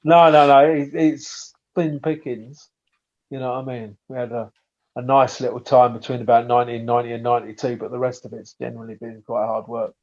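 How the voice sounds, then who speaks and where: A man from England chats as a podcast guest, spinning blunt, sweary stories with plenty of false starts. His voice sits at an ordinary middle pitch, and the sound is slightly dull and lo-fi. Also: little pitch movement, fairly quick, a little mellow. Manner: chatty storyteller, frequent swearing and restarts. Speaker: podcast guest, bait maker. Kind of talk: casual podcast chat.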